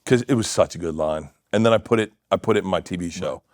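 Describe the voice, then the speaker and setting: A middle-aged man telling stories in a casual podcast chat, laughing often and dropping to quiet mutters. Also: low voice, quick pace, no room sound, clean studio sound. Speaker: comedian guest. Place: podcast studio.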